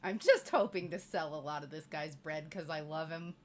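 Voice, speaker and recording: A woman's voice: low-pitched, normal speed, a little hiss or hum. A woman playing a tabletop game in a playful, joking way. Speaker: player. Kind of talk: tabletop role-play.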